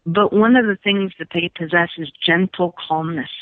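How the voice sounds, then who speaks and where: A woman's voice: on the low side, moderate pace, no echo. A woman psychic speaking on a call-in radio show, emphatic and repetitive, often laughing. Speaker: psychic guest. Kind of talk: phone-in psychic reading. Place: phone call into radio studio. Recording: tinny phone line.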